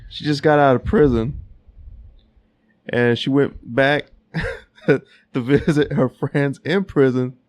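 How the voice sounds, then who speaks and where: A man co-hosting a casual podcast, telling stories haltingly with repeats and chuckles. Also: mid-range voice, fairly even intonation. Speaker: podcast co-host. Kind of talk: casual chat.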